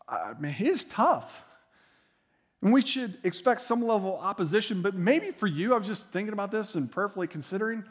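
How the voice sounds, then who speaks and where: A male pastor preaching a sermon in a casual, conversational way, with animated asides and slang. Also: high voice.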